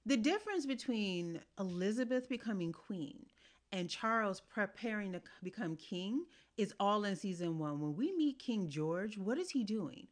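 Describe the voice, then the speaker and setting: A woman co-hosting a casual TV recap chat, blunt, profane and animated. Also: mid-range voice, normal speed. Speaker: podcast co-host. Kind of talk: casual chat about a TV series.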